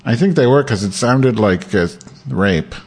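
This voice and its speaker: A man's voice: mid-range voice, expressive, a little slow, darkish tone, breathy edge. A man hosting a live podcast stream from home, telling crude stories in a rambling way that jumps between topics. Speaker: podcast host.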